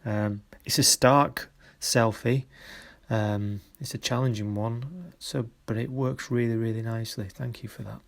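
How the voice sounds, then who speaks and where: A man with a mid-range voice, vocal fry, and fairly even intonation teaches a photography workshop. He encourages students on their photos, speaking haltingly with frequent pauses.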